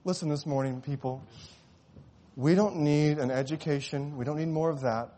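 A man preaching a sermon, telling a story and rising to impassioned cries before dropping to hushed, tender tones. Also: a little high, moderate pace. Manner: swells to impassioned shouting at climaxes, drops to hushed tones.

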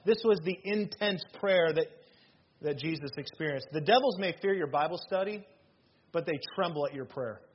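A man in his thirties preaching a sermon as pastor, earnest and emphatic, with sudden loud bursts. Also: fairly high pitch, normal speed, highs cut off, a little hiss or hum.

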